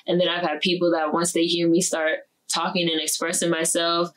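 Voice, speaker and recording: A woman talking casually as an interview guest. She is animated, acts out the lines other people said to her, and leans on "like" as she talks. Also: lowish voice, fairly quick, poor audio. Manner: chatty, leans on "like" as a filler.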